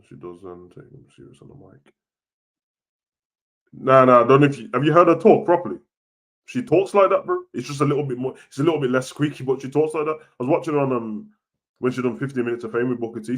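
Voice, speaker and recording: Slangy young man chatting. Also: medium pitch. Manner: casual slangy and animated, swings loud and soft. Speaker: wrestling show host. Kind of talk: live-stream chat reading comments.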